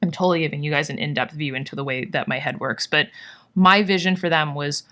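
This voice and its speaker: A woman's voice: low voice, fast talker, fairly bright tone. A woman vlogger and online business coach, talking to her viewers in a casual live workshop, bubbly and gushing, rambling with lots of fillers.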